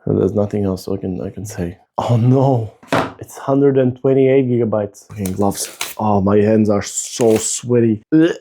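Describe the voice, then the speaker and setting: A man's voice: fairly low pitch, unhurried, mellow, slight background noise. A man who runs a tech channel, chatting casually through an unboxing, rambling, swearing and mocking himself as he grows exasperated. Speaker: tech YouTuber.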